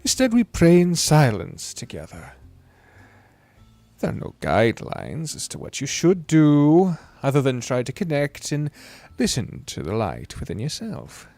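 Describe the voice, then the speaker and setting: Guy putting on a kindly old quaker man, slow soothing drawl, bounces up and down a lot, dry close sound. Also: mid-range voice, animated, no echo, close to an everyday voice. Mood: calm, earnest. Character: gentle older male Quaker host.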